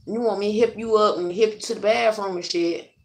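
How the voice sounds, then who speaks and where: Young woman vlogger, casual venting, blunt and profane, talks straight to viewers, mid pitch. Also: steady tone, a little fast, a little mellow. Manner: blunt, profane, rambling storyteller; addresses viewers directly.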